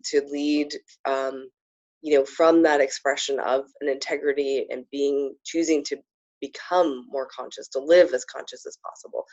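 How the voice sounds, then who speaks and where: A woman spiritual coach hosting a live program, talking casually and effusively to viewers, with frequent fillers and excited whoops. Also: sits low, muffled recording.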